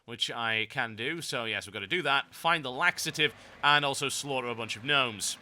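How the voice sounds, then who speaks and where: A man narrates a video game guide in a sarcastic, ranting way, breaking into theatrical mock-grand lines. His voice is very bright and sharp. It is an average-pitched voice, recorded as a voice-over on game footage. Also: moderate pace, slight background noise. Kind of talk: gameplay guide commentary.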